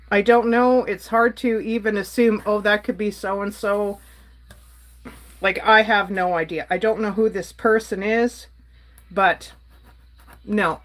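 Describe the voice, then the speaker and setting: A woman's voice: fairly high pitch, a bit bright. A woman from Canada ranting on a casual livestream, exasperated and blunt while she reads and answers her chat. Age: adult.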